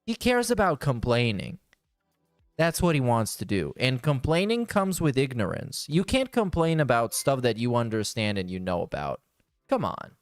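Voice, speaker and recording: A man hosting a podcast gives blunt, sarcastic commentary in a casual way. His voice is smooth and resonant, with lively swings in pitch. The sound is dry and close. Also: moderate pace, dry recording, soft background music. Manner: blunt, sarcastic, restarts often. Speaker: podcast host. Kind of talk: casual commentary reacting to a clip.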